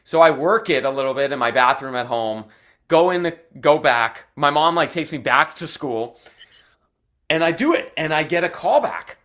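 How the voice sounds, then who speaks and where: A young adult man from Arizona, an actor telling stories as a guest, animated and chatty with lots of "like" fillers. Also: on the high side, normal speed. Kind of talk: casual storytelling in interview.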